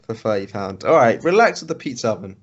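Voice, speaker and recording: A man's voice: on the low side, very animated, quick pace, slight background noise. A young man chatting loosely with friends on a podcast, laughing often and dropping swear words. The recording sounds a little dull and lo-fi. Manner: laughs often, swears, does mocking voices of classmates. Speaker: podcast co-host. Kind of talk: casual chat.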